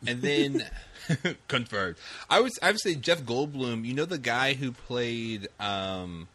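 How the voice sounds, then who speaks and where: A man's voice: medium pitch, animated, slow, fairly bright tone. A young man hosting a casual podcast chat, playful and laughing often as he talks. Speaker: podcast host.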